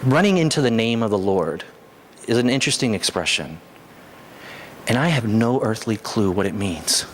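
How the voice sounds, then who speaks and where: Animated preacher in a reverberant hall. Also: male voice, normal speed, a little hiss or hum. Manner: animated, rises sharply in pitch for emphasis. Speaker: pastor. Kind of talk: sermon. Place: church hall.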